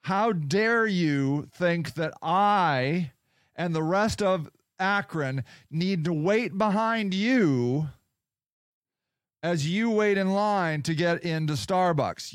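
A man's voice: on the high side, takes it slowly, clean tone, no echo, clean studio sound. A man ranting in a casual, angry and sarcastic way, swearing often as he tells a story. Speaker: podcast host. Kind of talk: casual rant.

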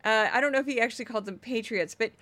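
A woman podcast host giving casual, animated commentary, laughing often and sometimes breaking into yelling. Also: fairly high pitch, racing, no echo.

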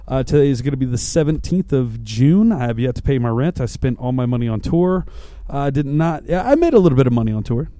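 A man's voice: mid-range voice, dark tone, no room sound. A man hosting a podcast, signing off in a loose, rambling, chatty way. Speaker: podcast host. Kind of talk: casual podcast outro.

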